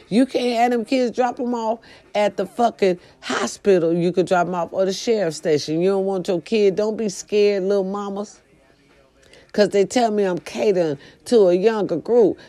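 A woman's voice: on the low side, dark tone. A woman talking to her online viewers in a casual, preachy monologue, repeating her points with emphasis. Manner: emphatic, repetitive, preaching to followers. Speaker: online commentator addressing viewers.

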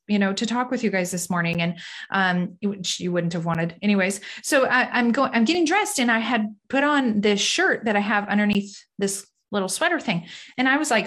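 A woman's voice: on the high side, fairly bright tone. A middle-aged woman talking casually to camera from home, chatty and rambling with lots of fillers, candid and encouraging. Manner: candid, self-deprecating, encouraging. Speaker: faith-based self-esteem speaker. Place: home room.

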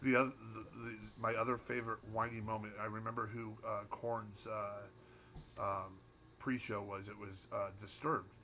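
A man's voice: fairly low pitch, flat delivery, moderate pace, pushed and bright, a little hiss or hum. A man co-hosting a podcast in casual chat, rambling through stories with restarts and swearing. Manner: rambling, hesitant, profane. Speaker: podcast co-host.

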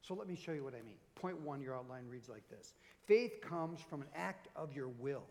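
A middle-aged man preaching a sermon as pastor, in an animated, conversational way. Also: mid-range voice, moderate pace, in a large hall.

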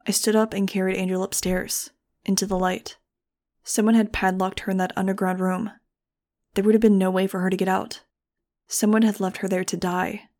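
A woman narrating a novel in the first person with a steady, earnest reading. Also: medium pitch, normal speed. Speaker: audiobook reader.

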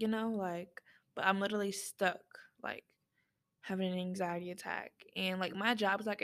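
A young woman talks through a personal story on her podcast, loose and rambling, full of fillers and asides to her listeners. Her voice has a gravelly, fry-tinged edge at a middle pitch. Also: fairly bright tone. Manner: rambling, many fillers, speaks straight to listeners. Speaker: podcast host. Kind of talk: casual personal talk.

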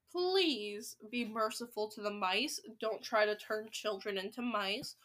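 A woman's voice: fairly high pitch, sharp tone. A woman hosting a podcast, reading a children's book aloud and breaking off for playful, joking asides. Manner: playful, joking commentary between passages. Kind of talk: storybook reading with chatty asides.

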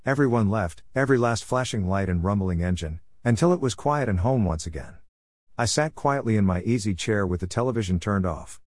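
A man narrating a first-person story in a measured, somber way. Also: lowish voice, expressive, darkish tone, no room sound, clean studio sound.

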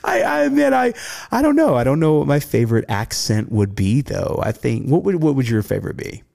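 A laughing podcast host with a faded Southern US accent and a gravelly edge to his voice. He talks loosely and crudely, swears freely, and his pitch swings all over as he jokes. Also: very animated, fairly quick, darkish tone. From Southern United States. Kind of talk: crude casual chat.

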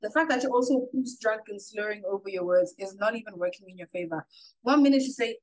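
A woman co-hosting a podcast in casual chat, animated and quick to mimic others. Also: medium pitch, rough recording. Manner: animated, quotes people in mocking voices. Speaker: podcast co-host.

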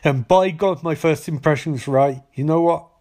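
A man's voice: on the high side, moderate pace, warm tone, natural voice. A man putting on a foul-mouthed male governor who rants and scolds while recapping a TV episode. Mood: ranting. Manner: ranting, scolding.

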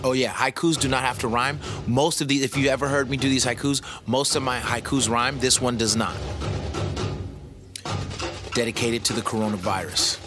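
A man hosting a podcast in a casual, animated way, giving life advice, joking with his producer and using slang. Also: mid-range voice, moderate pace, over music. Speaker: podcast host. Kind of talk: casual motivational talk.

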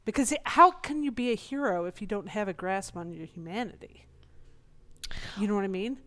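A woman's voice: medium pitch, a little fast, fairly bright tone. A woman co-hosting a casual chat, earnest and analytical, laying out an argument. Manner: earnest and analytical, self-aware about being petty. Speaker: podcast co-host.

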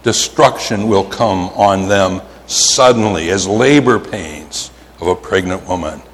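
Male preacher, Pennsylvania accent, animated and emphatic, long reverb of a big hall. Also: deep voice, a little hiss or hum. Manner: animated storytelling, drawn-out emphatic words, frequent "right?". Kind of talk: sermon. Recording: hall reverb, faint ambience.

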